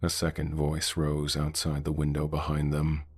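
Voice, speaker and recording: A man narrating a horror story in a measured, hushed, ominous way. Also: a bass voice, monotone, breathy edge, no room sound, clean studio sound.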